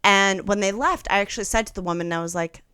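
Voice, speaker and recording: A woman's voice: medium pitch, fast, clear, resonant tone, dry recording, clean studio sound. A young woman telling a funny story on a casual podcast, acting out other people's lines and laughing as she goes. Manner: animated, acts out quoted voices, laughs often. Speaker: guest comedian.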